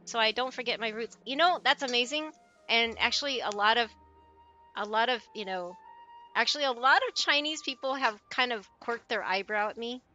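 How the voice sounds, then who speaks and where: A woman's voice: on the high side, moderate pace, pushed and bright, dull audio. A woman from the United States streaming live, chatting casually and reading viewer messages aloud, laughing often and stumbling over names. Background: faint music.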